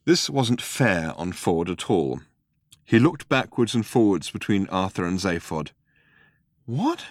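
A man narrating a comic science-fiction story in a measured, wry way. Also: low-pitched, big pitch swings, no room sound, clean studio sound. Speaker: audiobook narrator. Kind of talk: scripted narration.

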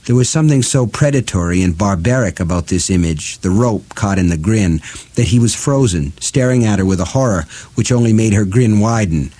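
A man narrating a novel as an audiobook reader, with a measured, even delivery. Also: lowish voice. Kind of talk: scripted narration.

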